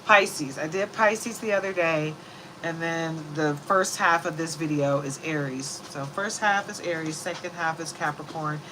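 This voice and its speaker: A woman talking loosely through a zodiac reading. Her voice sits on the low side and she rambles and laughs easily. Steady background noise hums behind her. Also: a little slow. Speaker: tarot reader.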